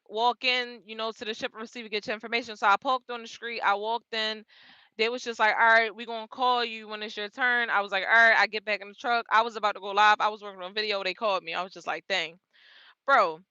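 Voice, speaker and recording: An animated young woman tells a story about her day on the road. She uses lots of slang and laughs often. Her voice is bright and forceful, recorded dry and slightly dull, like a phone close to her. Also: fairly high pitch, dry recording. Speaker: truck driver vlogger. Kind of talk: casual storytelling.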